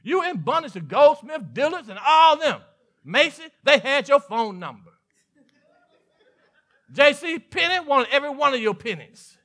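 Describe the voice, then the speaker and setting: Southern pastor preaching, high bright voice, playful back-and-forth asides with the congregation. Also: male voice, sing-song, normal speed. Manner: preaching with call-and-response asides and playful mock dialogue. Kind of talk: sermon.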